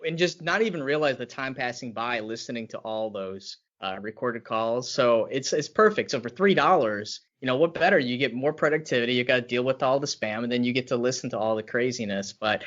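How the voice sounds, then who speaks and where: An upbeat man hosts a casual podcast, chatty and quick to laugh. His voice sits in a middle range, and the audio is slightly muffled. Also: medium pitch, fairly bright tone. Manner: enthusiastic, chatty, laughs easily. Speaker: podcast host.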